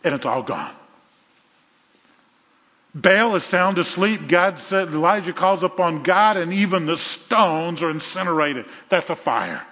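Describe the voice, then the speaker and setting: A pastor with a Southern US accent preaching a sermon in a church, retelling a story with animated repetition. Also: male voice, a little high, measured pace. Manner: animated storytelling with repeated phrases. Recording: echoey hall, dull lo-fi sound.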